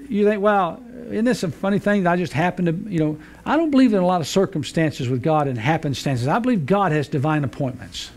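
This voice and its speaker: A preacher in his fifties speaks in a high voice to his church congregation. He tells jokes in a folksy, easygoing way, full of "uh" and "you know.". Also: a little mellow. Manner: folksy, joking storyteller with frequent fillers. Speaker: pastor. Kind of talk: sermon. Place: church sanctuary.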